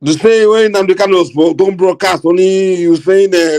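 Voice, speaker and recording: A man's voice: high-pitched, moderate pace, hardly any pauses, a little mellow. Indignant Nigerian Yoruba-accented man. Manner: indignant, blunt, mixes Yoruba and English. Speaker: host. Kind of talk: heated political talk.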